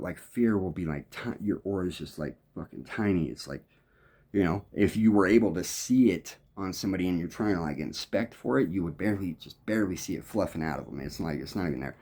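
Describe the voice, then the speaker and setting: Mellow-voiced man rambling with profanity. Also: low voice. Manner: profane, rambling, restarts a lot. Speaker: musician. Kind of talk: rambling monologue.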